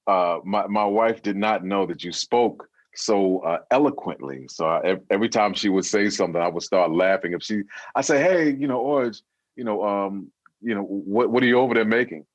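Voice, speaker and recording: A man's voice: on the low side, moderate pace, no room sound, muffled recording. A man who is a guest in a casual interview, joking, telling stories, imitating voices and laughing often. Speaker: guest singer.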